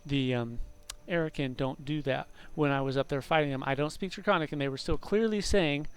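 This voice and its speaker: A man's voice: a little high, a little fast, clear, resonant tone. A man rambling through gameplay commentary, talking to himself, mocking his own mistakes and swearing at the game. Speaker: game streamer.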